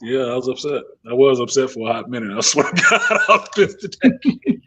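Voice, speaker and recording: A man's voice: mid-range voice, sing-song, a little fast, a bit bright, a little hiss or hum. A man hosting a casual livestream hangout, telling profane stories and laughing often. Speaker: podcast host.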